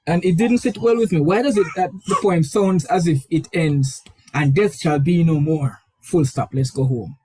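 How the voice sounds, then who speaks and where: A man with a Caribbean English accent teaches poetry in an online lesson. His voice sits high for a man, and he explains reflectively with frequent fillers. The recording is dry and close. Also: mellow, no echo, rough recording. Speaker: literature teacher.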